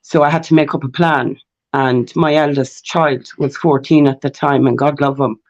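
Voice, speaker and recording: Irish woman from mayo telling her story, lively and sweary, kinda dull lo-fi sound. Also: extremely low pitch. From Ireland. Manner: animated, swears freely, quick asides. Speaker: guest.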